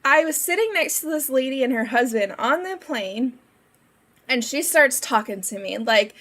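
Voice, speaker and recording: A woman's voice: high voice, lively intonation, moderate pace, fairly bright tone. A young woman chatting casually on a game live stream, giggling often and wandering off on tangents.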